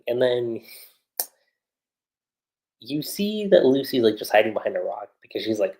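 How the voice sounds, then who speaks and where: A man's voice: mid-range voice, normal speed, pauses often, poor audio. Guy on a livestream recapping an episode, voice all over the place, says like a lot. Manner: animated retelling with frequent fillers. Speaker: anime reviewer.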